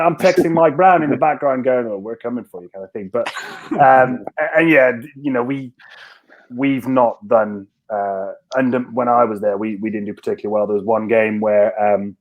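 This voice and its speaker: A man's voice: mid-range voice, normal speed. Rambling, self-mocking male storyteller. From Scotland. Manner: rambling, self-mocking, many restarts and fillers. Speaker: podcast guest, former rugby winger. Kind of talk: casual storytelling chat.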